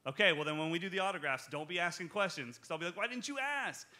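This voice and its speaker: A man's voice: a little high, racing, sharp tone. A man teaching a live drum clinic, joking and talking straight to the audience as he explains his playing and takes questions. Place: music shop clinic in front of an audience.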